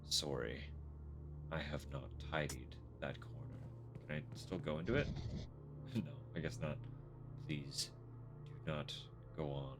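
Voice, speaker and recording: Slow, deep-voiced wry streamer man. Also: music in the background. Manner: wry, dry sarcastic asides. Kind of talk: let's play commentary, reading game text aloud.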